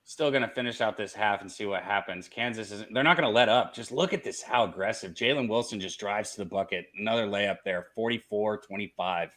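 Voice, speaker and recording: A man hosting a live sports betting stream, chatting casually, swearing, and shouting out viewers in the chat. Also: fairly low pitch, a little fast, hardly any pauses.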